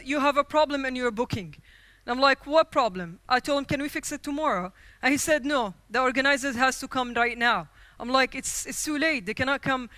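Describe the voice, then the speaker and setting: A woman delivers a storytelling speech from a conference stage, with a high, bright voice. She is animated and acts out each line of quoted dialogue. The sound is dry and close. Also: dry recording. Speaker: keynote speaker.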